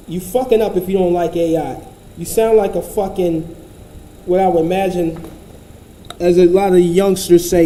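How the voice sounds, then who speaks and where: A man's voice: high voice, dark tone, echoey room, slight background noise, rough recording. Profane, blunt man ranting. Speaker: commentator. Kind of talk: casual commentary.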